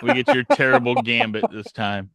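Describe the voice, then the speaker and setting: A man co-hosting a casual podcast, trading quick, teasing banter. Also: very high voice, huge pitch swings, creaky, fairly bright tone, no echo. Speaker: podcast co-host. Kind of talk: casual chat.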